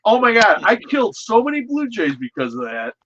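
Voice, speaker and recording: A man from the American Midwest hosting a casual chat, telling a story in an animated, profane way on a dull lo-fi recording. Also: high voice, fairly quick, slight background noise.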